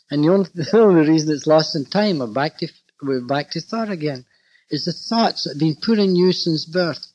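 A man giving a storytelling lecture to therapists, animated and anecdotal, acting out bits of dialogue. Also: fairly high pitch, dry recording. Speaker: speaker addressing therapists. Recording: dull lo-fi recording.

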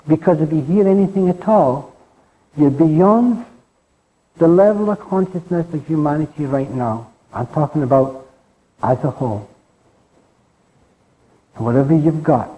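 A man, a spiritual teacher, gives an informal, rambling spiritual talk, often ending his lines with "eh?" and going soft and low on key words. The audio quality is poor.

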